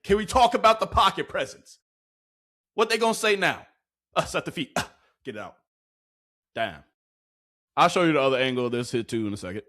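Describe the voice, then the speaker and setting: A man's voice: a little high, brisk, long pauses. Hyped young man breaking down football clips. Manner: excitable, slangy, repeats lines, laughs often. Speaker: football reaction commentator. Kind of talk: casual hyped clip breakdown.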